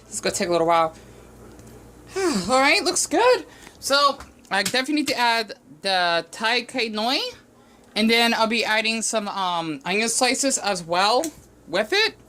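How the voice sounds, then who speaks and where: A man from Arizona talking in a casual cooking vlog, rambling and emotional, with frequent restarts and halting phrases. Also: high-pitched, lively intonation, pushed and bright, low-quality recording. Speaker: vlogger.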